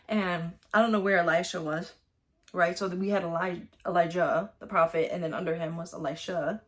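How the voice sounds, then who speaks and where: A woman's voice: fairly low pitch, fairly even intonation, normal speed. A woman casually talking through a Bible passage in a rambling way, with many fillers and restarts. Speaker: vlogger.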